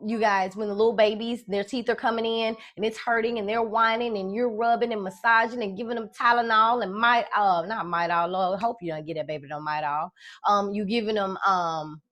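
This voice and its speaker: A woman's voice: medium pitch, a bit bright. A middle-aged woman life coach talking casually to her followers, emphatic and folksy, repeating her phrases and calling her viewers y'all and baby. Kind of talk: casual motivational talk to followers.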